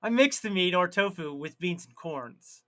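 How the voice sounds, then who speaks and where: This man runs a live stream, chatting casually and reading viewers' comments out loud while laughing at his own jokes. His high, expressive voice drags out words and bursts suddenly loud.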